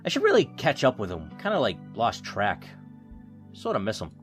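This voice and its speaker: An animated man narrating and commenting on a video game, voice rising and falling in a lively way. He jokes and reads story text, with soft game music beneath. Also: lowish voice, normal speed. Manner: jokey, emotional, reads aloud. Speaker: gaming YouTuber. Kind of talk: let's play commentary and narration. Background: faint game music.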